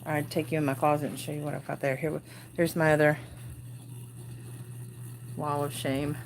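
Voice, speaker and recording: A woman in her forties with an American accent, hosting a casual crafting livestream from a dark room at home, chatty and easily distracted, laughing often. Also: deep voice, little pitch movement, fast, vocal fry, a little hiss or hum. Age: 40s. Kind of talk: casual live chat.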